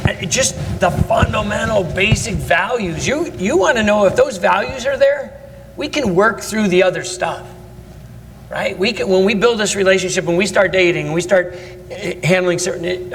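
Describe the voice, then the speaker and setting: Gravelly, fairly high-voiced man in a hall. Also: a bit bright, a little hiss or hum. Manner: earnest, explains through analogies and repetition. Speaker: state representative on a panel. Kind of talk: panel discussion. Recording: long reverb in a large hall.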